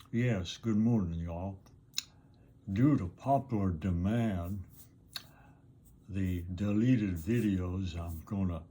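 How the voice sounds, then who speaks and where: An older man with a Southern American accent, talking casually to his camera outdoors in an unhurried, rambling way with plenty of pauses. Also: low voice, warm tone, a little hiss or hum. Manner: slow, rambling and unhurried with frequent uhs. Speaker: vlogger. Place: outdoors in the sun.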